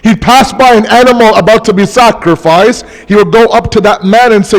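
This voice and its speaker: A man with a fairly high voice preaches a mourning sermon with passion, drawing out key words to press them home. His voice carries a long reverb from a large mosque hall. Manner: impassioned, slows down for emphasis. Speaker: majlis speaker.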